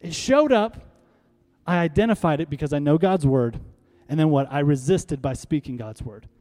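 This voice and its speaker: High-voiced preaching man, emphatic. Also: brisk, mellow. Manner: emphatic, rhetorical questions, leads congregation to repeat lines; uses props on stage while preaching. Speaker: pastor. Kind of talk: sermon.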